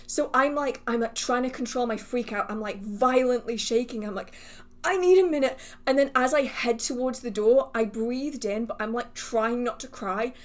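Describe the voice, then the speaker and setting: Giggly, higher-voiced woman hosting a livestream. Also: fairly even intonation, normal speed, few pauses. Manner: laughs often, self-deprecating, rambling with restarts. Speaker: livestream host answering viewer questions. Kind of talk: casual livestream chat.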